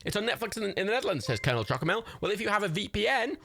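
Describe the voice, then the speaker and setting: A man's voice: very animated, very fast, creaky, bright, forceful tone. A man hosting a livestream, chatting casually with viewers into a microphone while they watch a movie together. He swears freely and breaks into frequent laughter. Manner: swears freely, laughs often, wildly swinging pitch. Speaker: livestream host.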